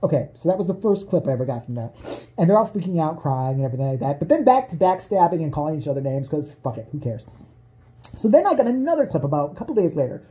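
A man's voice: a little high, very animated, fast, dark tone. A man in a casual comedic rant who swears a lot, laughs often, and keeps jumping into voices. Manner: profane, laughing, jumps into voices. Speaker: vlogger.

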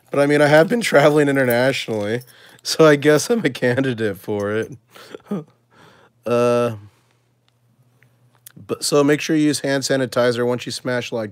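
A man's voice: medium pitch, no room sound. Chatty man sorting coins, dry close sound. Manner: chatty, thinking aloud, excited exclamations. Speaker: coin collecting channel host. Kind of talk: casual live coin sorting chat.

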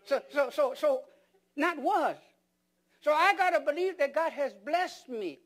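A man with a notably high voice delivers a sermon as pastor. He keeps asking the congregation questions and repeats words and restarts phrases to drive each point home. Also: expressive, a little slow, fairly bright tone. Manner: emphatic preaching with rhetorical questions to the congregation.

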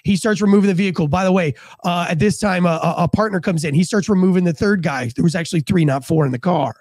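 Ex-cop guy telling a story, high voice, dry close sound, acts out every line. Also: fast, a little mellow, dry recording. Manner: vivid, acts out dialogue, matter-of-fact. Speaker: former police officer. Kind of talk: dramatic first-person storytelling.

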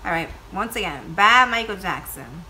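A woman vlogging casually from home, loud and playful, swearing freely. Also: on the low side, expressive, normal speed, slight background noise. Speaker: YouTube vlogger, mother of two. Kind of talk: casual vlog chat. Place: home with kids nearby.

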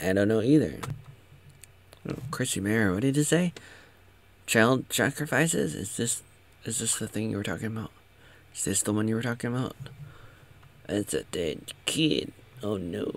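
A man's voice: lowish voice, a little slow, long pauses. A man giving casual, sarcastic commentary, rambling with many restarts. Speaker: show recap commentator.

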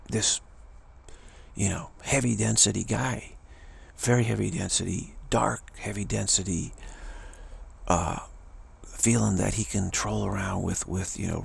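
A man with a low, gravelly, husky voice gives a rambling spiritual monologue. He often restarts phrases and mocks other people's voices.

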